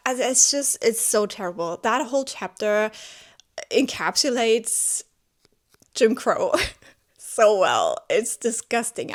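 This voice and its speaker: In a slightly high voice, a woman reviews a novel in a relaxed home vlog with her cat around. English is her second language; she chats loosely with plenty of "like"s and restarts, and she sounds genuinely moved, bursting into exclamations.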